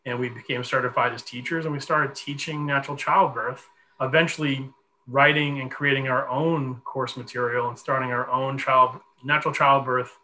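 A man in his forties telling a long personal story in a podcast conversation, animated and full of fillers. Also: mid-range voice, normal speed, a little hiss or hum, rough recording. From Connecticut. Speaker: guest.

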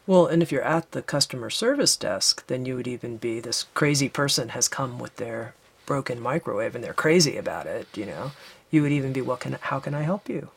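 Husky, gravelly-voiced woman host. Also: very deep voice, lively intonation, brisk. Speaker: podcast host. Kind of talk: interview conversation.

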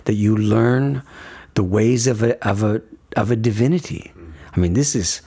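A man with a husky, low-pitched voice talking in an earnest, emphatic way. He keeps pausing to check in with his listener. His delivery is unhurried, reflective conversation rather than a speech. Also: mellow. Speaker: guest speaker on death and dying.

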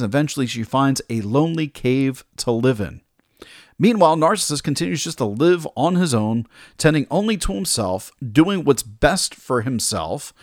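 A man's voice: medium pitch, dry recording, studio quality. A man retelling an old myth in a casual, conversational way, with small asides and restarts. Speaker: storyteller.

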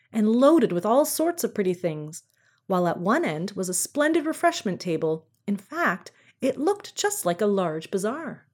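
Woman reading a storybook with lively pitch. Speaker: audiobook narrator.

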